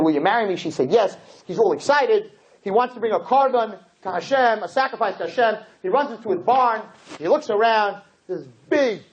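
A man teaching a class as a rabbi, telling stories in an animated, joking way and acting out the scenes. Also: high voice. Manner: animated, jokey, acts out scenes. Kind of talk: lively storytelling lesson. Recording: dull lo-fi with faint noise.

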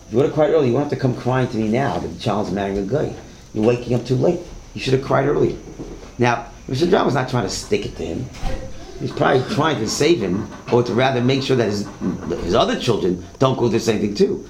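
In a mid-range, slightly mellow voice with lively intonation, the teacher moves fairly quickly through his Torah class. He tells stories in a conversational way, repeats words, and asks the class questions, while the room echoes over a faint hiss.

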